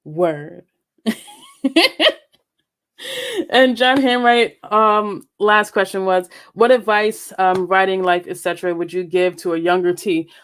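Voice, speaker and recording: A woman's voice: mid-range voice, slow, long pauses. A woman hosting her own podcast, chatting casually and playfully, laughing often and swearing freely. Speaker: podcast host. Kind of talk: casual solo podcast chat.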